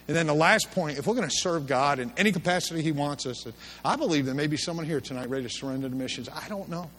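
A man's voice: a little high, fast, few pauses, fairly bright tone. A middle-aged man preaching a sermon in a church service, telling stories in a folksy, chuckling way. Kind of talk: sermon with storytelling.

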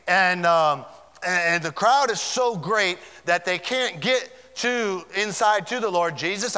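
A man's voice: high-pitched, pushed and bright, clean tone, big-room sound. A man preaching a sermon as pastor, fervent and building in volume as he speaks.

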